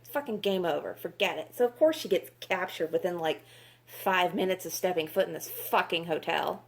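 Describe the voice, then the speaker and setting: A woman's voice: on the low side, normal speed, vocal fry. A woman reviewing books in a casual vlog, exasperated, sarcastic and swearing freely. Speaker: book reviewer.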